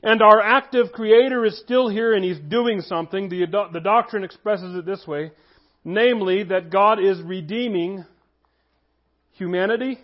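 A man preaching a sermon as pastor, earnest, slowing down to stress key phrases. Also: sits high, muffled recording.

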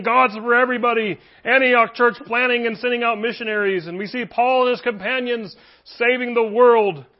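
High-voiced man preaching a sermon. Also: highs cut off. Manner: earnest, emphatic preaching with rising exclamations.

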